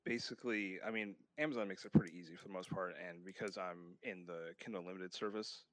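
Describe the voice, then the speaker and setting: Deep-voiced man, dry close sound. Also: fast, no room sound. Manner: relaxed, rambling with fillers and restarts. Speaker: guest author. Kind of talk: casual interview talk.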